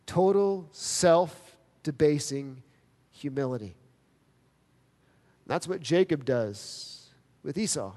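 Pastor, male, slightly high voice, earnest emphatic sermon delivery, long hall reverb. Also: expressive, darkish tone. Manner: earnest, emphatic preaching with dramatic pauses.

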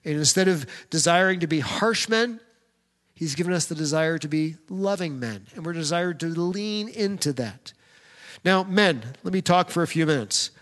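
A man's voice: a little high, lively intonation, normal speed, a bit bright. A pastor preaching a sermon in a direct, plain-spoken way, speaking straight to the men in his congregation. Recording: long hall reverb.

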